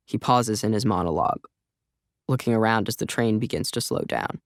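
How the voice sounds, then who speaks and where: A man's voice: fairly low pitch, brisk, dry recording, clean studio sound. A man narrating a first-person audiobook in a wry, conversational voice. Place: recording studio.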